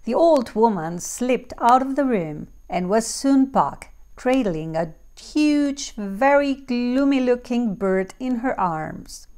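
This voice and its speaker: Slow, clear woman storyteller. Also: medium pitch, a little mellow. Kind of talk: storybook narration for English learners.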